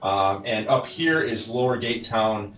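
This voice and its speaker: A man narrating and running a tabletop fantasy game as game master, talking in a quick, easygoing way. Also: fairly low pitch, a bit bright, reverberant, distant mic, faint music behind, rough recording.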